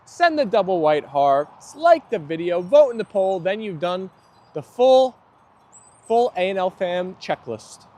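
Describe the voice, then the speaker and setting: His voice high-pitched, expressive and dark in tone, a young man live streams outdoors while his dogs play around him. He talks a little slowly with few pauses, chatty and relaxed, reading viewer comments aloud and laughing a lot.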